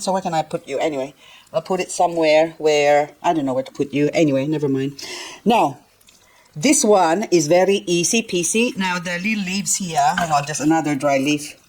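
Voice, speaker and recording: A woman's voice: sits low, normal speed, darkish tone, low-quality recording. An older woman, chatting nonstop and giggling as she cleans up her plants for a gardening vlog. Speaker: gardening vlogger. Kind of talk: casual chat while working.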